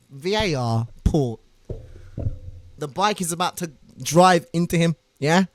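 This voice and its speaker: A young man telling a wild story as a streamer, swearing, shouting and making sound effects as he goes. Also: sits high, very animated, normal speed, slight background noise. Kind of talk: animated storytelling.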